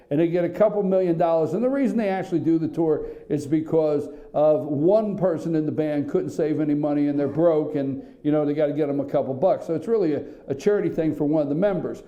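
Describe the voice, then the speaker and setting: A man's voice: on the high side, dark tone, highs cut off. A man hosting a political talk radio show from a small studio, rambling, worked up and sarcastic as he riffs.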